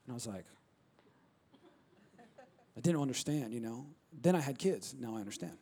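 A man preaching a sermon, swinging from loud emphatic bursts to quiet low asides. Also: lively intonation, normal speed, pauses often. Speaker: pastor.

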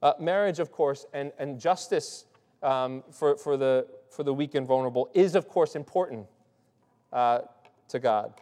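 A man's voice: medium pitch, moderate pace, darkish tone. A male pastor giving a conversational sermon, restarting his sentences and checking in with his listeners. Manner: loose, restarts often, asks "right?". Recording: long hall reverb.

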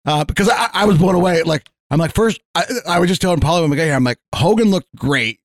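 A man's voice: a little high, quick pace, no room sound. A man co-hosting a podcast, telling rambling stories in casual chat and swearing freely. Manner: swearing, rambling animated storyteller. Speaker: podcast co-host.

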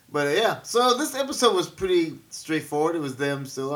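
A man's voice: fairly high pitch, very animated, a little fast, few pauses, fairly bright tone. A man hosting a casual podcast chat, upbeat and joking, laughing often. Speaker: podcast host.

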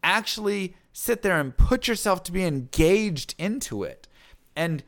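A man talking in a casual conversation, energetic, often checking in with "right?" and acting out little quoted lines. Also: high voice, a little slow.

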